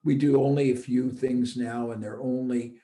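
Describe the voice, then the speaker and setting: A man's voice: mid-range voice, little pitch movement, normal speed, mellow. A middle-aged man, a business owner and former seminar leader, talking reflectively in a casual conversation and repeating his points for emphasis. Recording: roomy echo.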